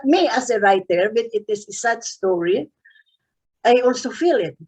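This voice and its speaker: An older woman from the Philippines with a Filipino accent, speaking haltingly with many fillers as an author being interviewed. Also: a little high, animated, a little mellow, husky, poor audio. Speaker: author guest. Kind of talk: casual interview chat.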